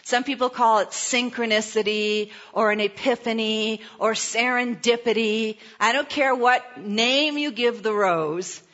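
A woman pastor giving a sermon, telling a personal story in a playful, animated way with asides. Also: on the high side, a little slow, few pauses, dull audio.

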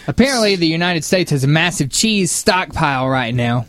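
A man co-hosting a morning radio show, reading quirky news items with a wry, deadpan delivery. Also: on the high side, moderate pace. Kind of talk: casual morning radio banter.

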